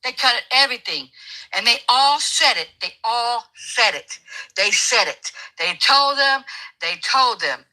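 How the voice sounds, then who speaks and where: Woman, high voice, very bright, emphatic, preachy, mocking, repeats herself. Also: expressive, a little slow, rough recording. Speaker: guest commentator. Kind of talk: heated political chat.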